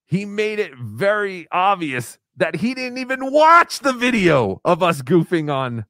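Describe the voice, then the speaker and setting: A man hosts a casual livestream podcast, his voice rising and falling all over the place as he gets worked up. He swears freely and laughs through his own stories, a little higher than most men. The sound is dry and close. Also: measured pace, no echo. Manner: excitable, swears, laughs often. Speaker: podcast host.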